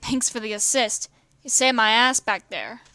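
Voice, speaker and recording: A woman's voice: fairly high pitch, normal speed, bright, forceful tone, dry recording. A woman voicing a feisty, cocky young woman in a read-aloud fan story. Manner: cocky, breezy. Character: feisty young woman, college student, fighter.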